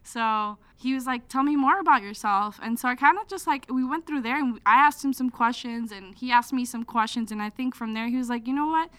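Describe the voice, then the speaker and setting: A woman's voice: a little high, a little fast, few pauses, clean tone, no room sound. A young woman, a college student, chatting casually on a podcast and animatedly acting out the people in her story. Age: young adult. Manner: animated storyteller, acts out quoted dialogue. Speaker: student guest.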